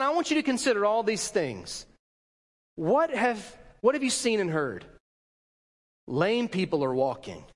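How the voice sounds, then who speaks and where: A man with a high voice preaches a sermon, pressing each point with emphasis and slipping into the voices of the people he quotes. His words ring out with a long hall reverb around them. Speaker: pastor.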